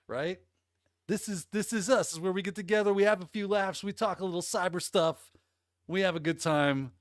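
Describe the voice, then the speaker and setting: A man's voice: high voice, a little fast, no echo, studio quality. A man from the Midwest of the US hosting a casual livestream. He talks in an upbeat, rambling way and greets viewers by name. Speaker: host.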